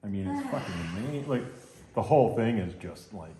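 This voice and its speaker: A man's voice: lowish voice, expressive, fairly quick, warm tone. A man with an Australian accent, teaching a massage class while he works, casual and swearing freely. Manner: casual, swears, laughs easily. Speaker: massage instructor. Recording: echoey room, faint noise.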